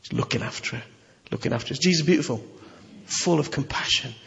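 A preacher delivering an animated, conversational sermon with emphatic questions to the congregation. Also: male voice, mid-range voice, fast, vocal fry. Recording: echoey hall, slightly dull.

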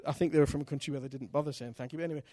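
A man preaching a sermon in an animated, candid way, with self-mocking humor. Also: a little high, very fast. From Britain. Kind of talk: sermon with personal storytelling.

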